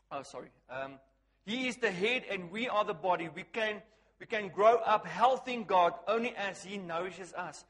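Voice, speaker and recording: A man preaching a lively sermon, asking the crowd questions and swinging from hushed to loud. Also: high-pitched, long reverb tail.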